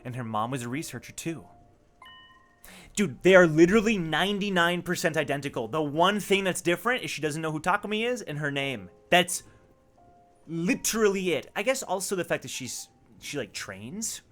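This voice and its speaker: A young man streaming a story game, reacting with excitable, animated speculation. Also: fairly high pitch, normal speed, soft background music. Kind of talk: live let's play commentary.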